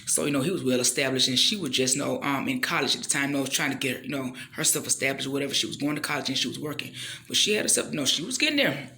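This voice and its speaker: A woman telling a story in a chatty, animated way, acting out the people in it and checking in with the listener as she goes. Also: racing, slight background noise. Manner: animated, acts out the people in her story with big jumps in pitch. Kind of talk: casual storytelling with a faith message.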